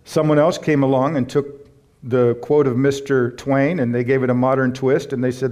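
A man's voice: mid-range voice, steady tone, moderate pace, a little mellow. A man preaching a sermon, emphatic and stressing key words, with humorous asides and short stories. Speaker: pastor.

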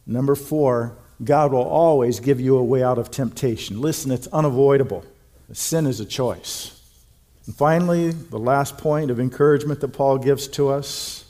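A middle-aged man preaching a sermon in an earnest, emphatic way, slowing to stress key words. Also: medium pitch, mellow. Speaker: pastor.

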